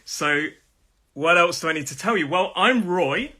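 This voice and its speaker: A man in his thirties with a Nottingham accent teaches a live English pronunciation lesson. His voice is sharp and very bright, pitched a little high, and he says each word slowly several times so learners can repeat it. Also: animated. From Nottingham, England.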